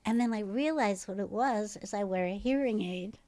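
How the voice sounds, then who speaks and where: An older actress appearing as a podcast guest has a distinctive, instantly recognizable, lively voice, mid-range and at a moderate pace. She tells stories in a casual interview, laughing often, with no echo in the recording.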